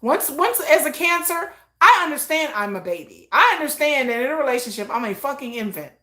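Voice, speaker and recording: A woman's voice: high-pitched, very animated, fairly quick, pushed and bright. A middle-aged woman hosting a livestream, chatting casually in a rambling, self-mocking way. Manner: rambling, self-mocking, acts out both sides of remembered conversations. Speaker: livestream host. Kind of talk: casual chat.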